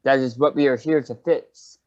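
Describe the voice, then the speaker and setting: A man's voice: medium pitch, fairly even intonation, moderate pace, darkish tone, no room sound, lo-fi sound, close to an everyday voice. A man playing a blunt, stern adventurer. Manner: blunt and scolding.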